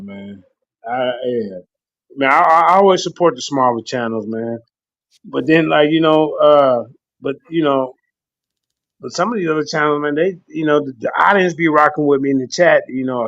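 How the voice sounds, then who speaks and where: A man chatting casually as a guest on a livestream, rambling, laughing often and slipping into excited high voices when he quotes himself. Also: moderate pace, no room sound. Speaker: guest on a livestream talk show. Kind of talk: casual chat. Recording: dull lo-fi stream audio.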